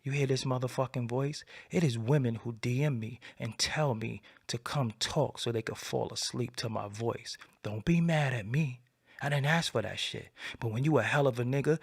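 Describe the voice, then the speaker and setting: A man hosting his own channel, delivering a defiant, boastful solo rant that swings between a low murmur and loud outbursts. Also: vocal fry, breathy edge. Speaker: channel host. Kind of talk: late-night solo rant to camera.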